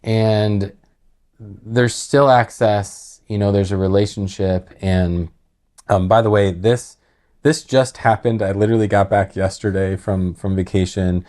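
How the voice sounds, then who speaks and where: Casting note: lower-voiced man, podcast host, animated casual storyteller. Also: unhurried. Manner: animated, laughing retelling that drops to quiet, heavy tones.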